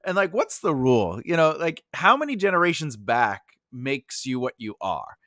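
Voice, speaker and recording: A man's voice: medium pitch, sing-song, moderate pace, sharp tone, dry recording, studio quality. An American man, a guest author on a podcast, musing aloud in casual conversation. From United States. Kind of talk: casual interview chat.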